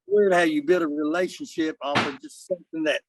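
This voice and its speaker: A man guesting on a podcast, joking and high-strung, tossing in "bro" and "dude.". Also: fairly even intonation, a little fast, background noise. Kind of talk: casual interview chat.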